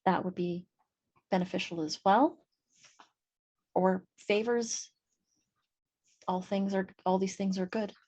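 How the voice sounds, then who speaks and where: Slow, halting woman player. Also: mid-range voice, fairly even intonation, a little mellow. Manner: slow and halting, many ums. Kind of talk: in-character tabletop play.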